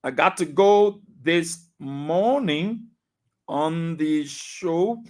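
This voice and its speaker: A man with a Liberian accent, a radio talk show host reading out listener names and greetings in a brisk roll call. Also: fairly high pitch.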